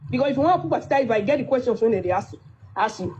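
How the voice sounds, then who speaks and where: A woman's voice: fairly high pitch, animated, racing, mellow, slight background noise. A woman with a Nigerian Pidgin English accent giving a firm, lecturing complaint in a played clip. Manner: firm, lecturing, quoting others. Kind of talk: complaining monologue. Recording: dull lo-fi clip.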